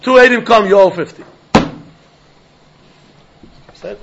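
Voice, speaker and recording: A man teaching a Talmud class, animated and questioning, mixing in Yiddish and Hebrew terms. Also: high-pitched, fast talker, vocal fry, dull audio, background noise.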